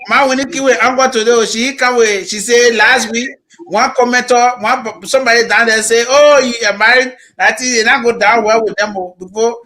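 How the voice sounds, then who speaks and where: A man's voice: very high voice, fairly even intonation, normal speed, bright, forceful tone. A man with a Liberian English accent hosting a live call-in talk show in a loose, rambling, teasing way. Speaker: host.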